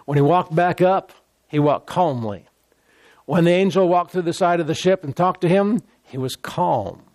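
A man's voice: a little high, normal speed, a little mellow, dry recording. Male preacher, sermon, emphatic with repeated phrases, dry close sound.

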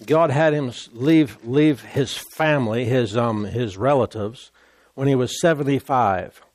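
A man preaching a sermon, emphatic and repetitive, stumbling over repeated words and breaking into laughter and loud exclamations. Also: mid-range voice, unhurried, no echo.

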